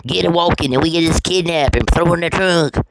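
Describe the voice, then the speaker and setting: A woman's voice: on the low side, quick pace, voice pushed up, lightly acted. Mock plotting men, sneering and sing-song, as a woman parodies them; noisy recording with clicks. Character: scheming male plotters, mocked and sneering.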